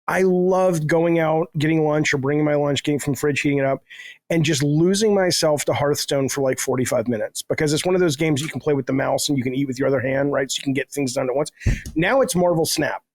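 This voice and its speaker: Rambling middle-aged man, higher voice. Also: a little fast, a little mellow, no echo. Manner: rambling, self-deprecating storyteller who swears freely. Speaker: guest, game developer. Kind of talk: casual podcast chat.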